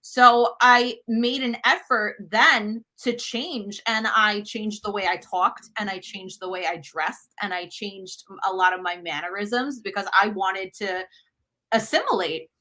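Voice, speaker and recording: A woman's voice: mid-range voice, unhurried, pushed and bright. A woman in her thirties, a cooking show host from the United States, talking frankly and emphatically as a guest in a casual interview. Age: 30s.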